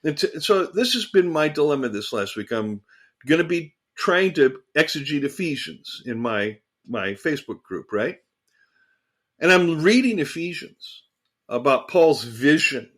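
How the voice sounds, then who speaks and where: A man co-hosting a casual theological discussion, talking in an animated, emphatic way and repeating phrases for emphasis. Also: a little high, unhurried. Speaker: podcast co-host.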